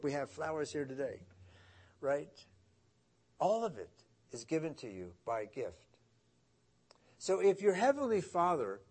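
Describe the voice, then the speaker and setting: Pastor with sweeping emphatic rises. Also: male voice. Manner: conversational, with emphatic rises and soft, low drops. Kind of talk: sermon.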